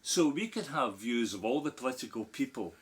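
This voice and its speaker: A man's voice: mid-range voice, fairly quick. Scottish guy on a podcast, middle-aged, chatty storyteller, laughs through his anecdotes. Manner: animated storyteller, laughs while telling anecdotes. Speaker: podcast guest. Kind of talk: casual storytelling chat.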